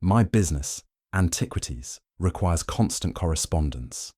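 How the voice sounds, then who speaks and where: A man voicing a smooth Italian-accented charmer. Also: low voice, animated, moderate pace, warm tone, no echo, studio quality. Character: charming nervous Italian antiquities dealer.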